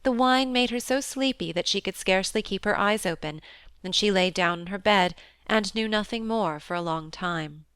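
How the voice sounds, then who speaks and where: A woman narrating an audiobook of a classic novel in a measured, even storytelling manner. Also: mid-range voice, smooth, no room sound. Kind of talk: scripted narration.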